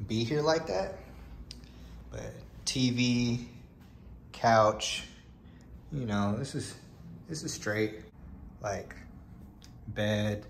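A man's voice: medium pitch, slight background noise. A man of thirty with a stuffed-up, congested voice, talking casually and upbeat to camera in a slangy vlog. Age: 30s. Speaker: vlogger.

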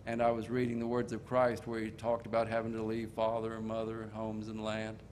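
An older man preaching a sermon in a folksy storytelling manner, slowing down to stress key points. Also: on the low side, monotone, darkish tone, a little hiss or hum.

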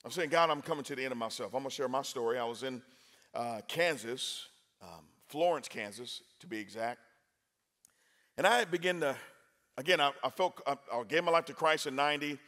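A man preaching a sermon in a university chapel, energetic and talking with the crowd, with sudden loud bursts. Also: mid-range voice, moderate pace.

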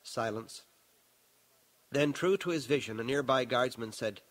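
Man, author reading own novel, measured dramatic audiobook narration. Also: mid-range voice, dry recording, low-quality recording.

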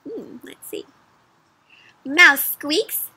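A woman giving an interactive read-aloud for children, animated, with gasps and questions to her young listeners. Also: high-pitched, slow, no echo. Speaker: children's storyteller.

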